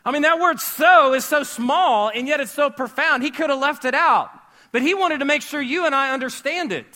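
A man preaching a sermon to a live church audience, conversational and joking, quizzing the crowd, and rising to shouts on key words. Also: extremely high pitch, moderate pace. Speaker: pastor.

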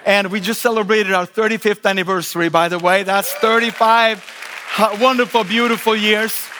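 A middle-aged Swedish-accented pastor with a high voice, preaching a lively sermon. He jokes in asides and restarts his phrases. His voice rings through the long reverb of a large church auditorium. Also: normal speed, some chatter behind, slight background noise. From Sweden. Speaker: guest pastor.

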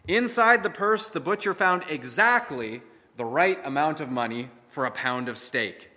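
A man preaching a sermon as pastor, praying and then telling a story in an animated way that acts out the quoted lines. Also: on the high side, normal speed. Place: church sanctuary. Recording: long hall reverb.

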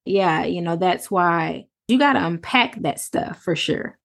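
A woman's voice: lowish voice, lively intonation, measured pace, vocal fry, a bit bright. A woman co-hosting a podcast, speaking in a reflective, emphatic way and laying out her points one by one. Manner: reflective, emphatic, list-like statements. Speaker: podcast co-host. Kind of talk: casual podcast conversation.

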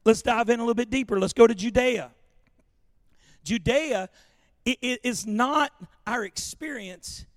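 A man preaching a sermon as pastor, joking and animated, calling for congregation responses. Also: very high-pitched, a little slow, pauses often, no room sound, clean studio sound. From Louisiana.

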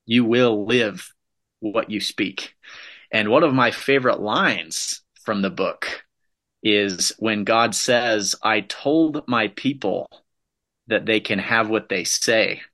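A man delivering a motivational talk in a bright, forceful voice that sits a little low. He drives each point home with short, repeated, emphatic phrases. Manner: emphatic, punchy repetitive phrasing. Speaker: motivational speaker.

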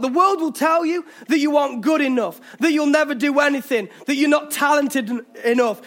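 A man's voice: extremely high pitch, a bit bright. A man with an English accent preaching a passionate sermon in a church, urging listeners on, with jokey asides. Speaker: pastor. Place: church hall.

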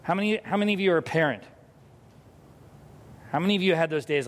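A man preaching a sermon as pastor, telling a parenting story and acting out the scenes with lively energy. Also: on the high side, fast. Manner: animated storytelling, acts out scenes. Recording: hall reverb.

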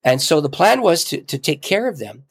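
A middle-aged man, a podcast guest, telling a story in an animated way with frequent chuckles. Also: a little high, normal speed, breathy edge, dry recording. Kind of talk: casual storytelling in an interview.

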